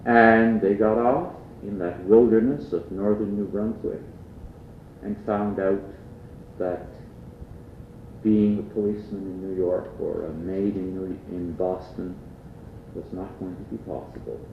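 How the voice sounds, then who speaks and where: A man's voice: low voice, steady tone, unhurried, a little hiss or hum. A man from Prince Edward Island giving a humorous storytelling lecture to an audience, with wry asides. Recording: distant, dull, roomy archive recording.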